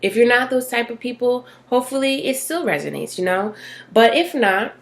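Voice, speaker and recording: A woman's voice: fairly high pitch, lively intonation, normal speed, creaky. A woman vlogging casually from her bathroom, chatty and rambling, with many fillers and tag questions. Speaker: self-help vlogger. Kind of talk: casual talking-to-camera vlog. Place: small bathroom at home.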